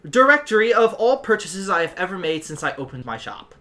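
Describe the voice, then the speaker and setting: A man's voice: sits high, sing-song, brisk, pushed and bright, voice pushed up, full character voice. A man voicing a shrewd, haggling shopkeeper bird in a tabletop game.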